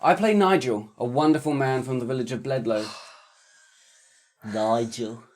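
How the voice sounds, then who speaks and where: A man's voice: mid-range voice, animated, fairly quick, a little mellow. A man, the dungeon master of a tabletop show, chatting and joking casually. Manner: joking, self-deprecating banter. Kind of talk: casual chat.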